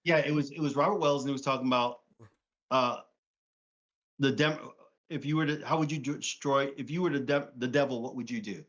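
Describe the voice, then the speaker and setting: A man's voice: mid-range voice, a little fast, a bit bright. Profane New man, lo-fi stream. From Brooklyn, New York. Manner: blunt and profane, acts out quoted voices. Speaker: live stream co-host. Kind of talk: casual political chat. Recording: dull lo-fi stream audio.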